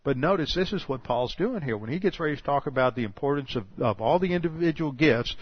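An older man preaching a sermon, animated and full of rhetorical questions, often restarting his sentences. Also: a little high, fast, slightly rough, dry recording. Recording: dull lo-fi dry sound.

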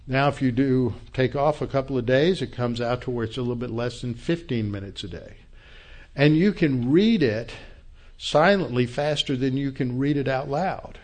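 A man teaching through a Bible passage, explaining Hebrew words step by step in an unhurried, explanatory way. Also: medium pitch, darkish tone.

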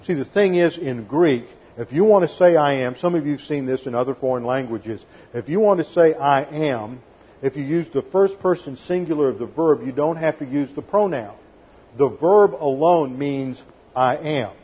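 A man's voice: a little high, normal speed, breathy edge. A man preaching an expository sermon, methodical and emphatic, counting off numbered points to his congregation. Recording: dull lo-fi sermon recording.

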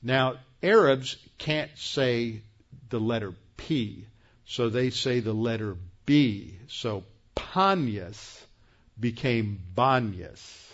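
A man's voice: mid-range voice, takes it slowly. Casting note: man in the middle of his range, a pastor teaching scripture conversationally, slightly muffled recording. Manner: conversational, explanatory, with fillers and restarts. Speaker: pastor teaching Bible study. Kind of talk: sermon-style Bible teaching.

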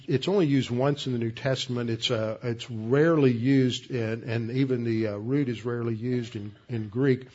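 Methodical male Bible teacher, lo-fi. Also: mid-range voice. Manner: methodical, explanatory, frequent "uh" restarts.

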